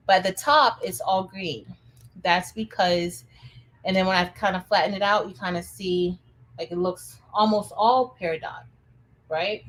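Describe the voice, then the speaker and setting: A woman's voice: mid-range voice, low-quality recording. A woman, hosting a casual craft livestream, chatty and enthusiastic, full of fillers and restarts as she addresses her viewers.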